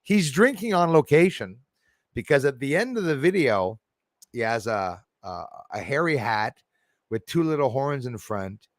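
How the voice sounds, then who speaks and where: Animated, laughing man reading chat. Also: mid-range voice, moderate pace, no echo, studio quality. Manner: laughing, self-deprecating, chatty. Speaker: livestream host reading chat. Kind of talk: casual livestream chat.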